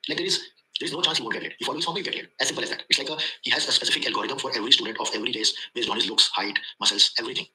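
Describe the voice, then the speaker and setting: A man with an Indian accent, who isn't a native English speaker, gives a casual, rambling testimonial in English, repeating himself and filling gaps with "uh". His medium-pitched voice is very fast, pushed and bright, and the recording is rough.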